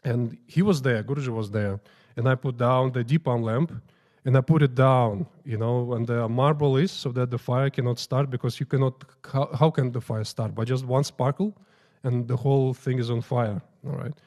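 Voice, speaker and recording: A temple priest telling informal, halting stories about his teacher during morning prayers in a temple. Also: mid-range voice, fairly even intonation, darkish tone. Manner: informal, halting, restarting phrases. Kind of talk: storytelling talk at morning prayers.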